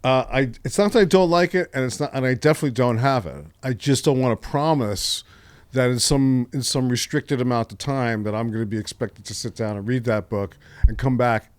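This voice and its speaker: An older man speaks as a podcast guest in a dry, deadpan, musing way, often restarting his sentences. His voice sits at an ordinary middle pitch. The studio sound is close and dry, with no room echo. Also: a little fast, smooth. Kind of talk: casual podcast conversation.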